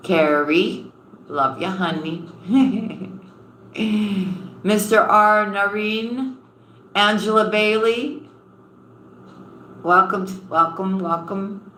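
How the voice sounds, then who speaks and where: Unhurried, bright-voiced woman doing a live tarot reading, affectionate with her viewers, in a roomy space. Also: mid-range voice, slight background noise. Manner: affectionate, calls viewers honey and sweetheart. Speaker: tarot reader. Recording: roomy echo with faint ambience.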